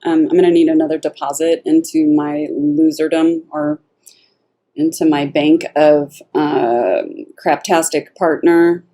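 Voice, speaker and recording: A woman's voice: deep voice, fairly even intonation, measured pace, dark tone. Woman doing a smarmy freeloading boyfriend. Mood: wheedling. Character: sleazy freeloading boyfriend asking for money.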